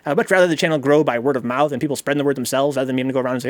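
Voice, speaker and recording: A man's voice: mid-range voice, steady tone, very fast, few pauses, no room sound. A man hosting a casual live game stream, rambling and chatty, reading chat messages aloud and swearing casually. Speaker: streamer and host. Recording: game music playing under the voice.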